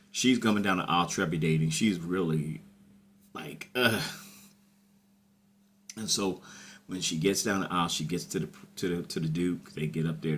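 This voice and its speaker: Deep-voiced man chatting through a recap. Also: slight background noise. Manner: chatty, animated, slangy, repeats phrases. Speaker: show recap host. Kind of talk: casual TV episode recap.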